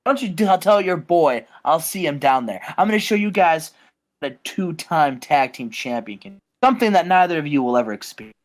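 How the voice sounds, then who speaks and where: A man's voice: fairly high pitch, lively intonation, a little fast, natural voice. A man voicing a boastful male wrestler cutting a trash-talking promo. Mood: taunting.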